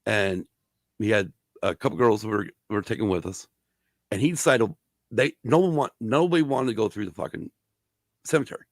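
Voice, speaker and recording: Brief: middle-aged male podcast host, gravelly, lively swearing storyteller, dry close sound. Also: lowish voice, a little fast, dry recording. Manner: profane, animated storyteller. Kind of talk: casual storytelling chat.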